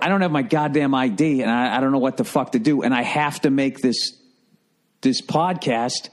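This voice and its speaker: A man hosting a comedy podcast, telling a rambling, profane story in a casual monologue. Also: mid-range voice. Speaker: podcast host.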